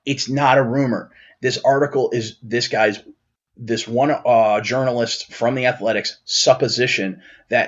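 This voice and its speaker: A man's voice: medium pitch, very animated, normal speed, slightly rough. A man co-hosting a nerd podcast in loose, rambling chat. He stumbles through restarts and fillers and gets worked up when something bugs him. His audio sounds a little dull and lo-fi. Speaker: podcast co-host. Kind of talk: casual chat.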